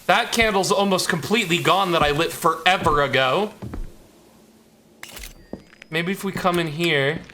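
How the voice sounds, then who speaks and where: A man with a high voice streams a horror game live, jittery and muttering to himself, repeating lines when scared. Faint hiss and clicks sit behind him. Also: measured pace, pauses often, sharp tone.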